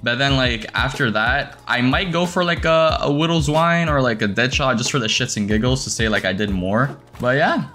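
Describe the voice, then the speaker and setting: Excitable young man gaming, swearing. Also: mid-range voice, normal speed, hardly any pauses, soft background music. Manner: excitable, swears, shrieks at finds. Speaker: gaming streamer. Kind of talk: casual gameplay commentary.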